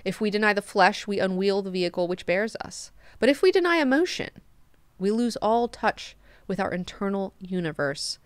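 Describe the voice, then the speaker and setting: A woman voicing an ancient, brooding male god-emperor, speaking quietly and solemnly. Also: mid-range voice, expressive, moderate pace, clean tone, dry recording, lightly acted.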